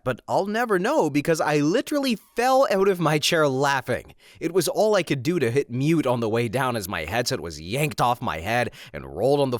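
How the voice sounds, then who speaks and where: A man reading stories aloud with lively, expressive narration and his own comments between them. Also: a little high, dry recording, clean studio sound. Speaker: story reader.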